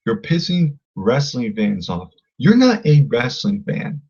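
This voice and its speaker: A man's voice: medium pitch, big pitch swings, slow, darkish tone, slightly rough, lo-fi sound. A man ranting angrily at a critic, combative and insulting, often repeating himself. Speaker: vlogger. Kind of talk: angry rant to camera.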